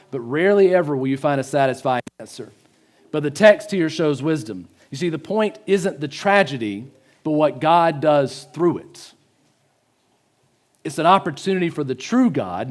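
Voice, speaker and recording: Man preaching with swings from loud to hushed. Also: on the high side. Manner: swings from loud pleading to hushed, slow emphasis. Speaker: pastor. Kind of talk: sermon. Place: church.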